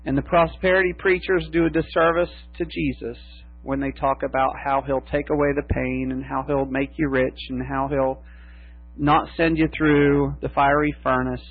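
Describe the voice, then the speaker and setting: A man preaching a sermon as pastor, slow and emphatic with long pauses. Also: mid-range voice, little pitch movement, slightly rough, no echo. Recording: tinny phone-like sound with mains hum.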